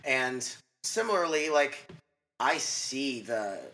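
Give me a man as a podcast guest coach, rambling quickly in a bright, forceful voice. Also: medium pitch, expressive. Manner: fast, rambling, lots of "like" and restarts. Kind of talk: casual interview chat.

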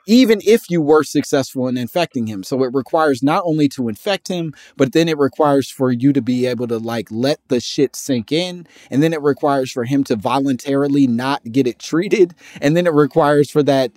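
A man's voice: mid-range voice, darkish tone, no room sound, clean studio sound. A man from Indiana hosting a casual podcast chat, laid-back and jokey, thinking aloud as he talks. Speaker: podcast host.

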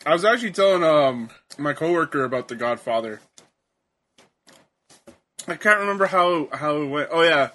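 A man's voice: a little high, expressive, normal speed, pauses often, sharp tone. A man co-hosting a casual chat, joking around and laughing at his own lines. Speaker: podcast co-host.

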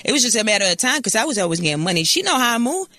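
A woman's voice: fairly high pitch, very animated, very fast, bright, forceful tone, no echo. A woman in her thirties with a Puerto Rican accent, a guest in a casual interview who talks in a brash, profane and boastful way. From Puerto Rico. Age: 30s.

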